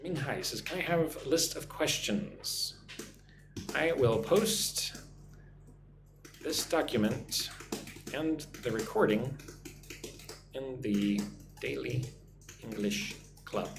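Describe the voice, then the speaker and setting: A man teaching English on a live stream, reading out viewer comments and drilling pronunciation slowly. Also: mid-range voice, creaky, roomy sound.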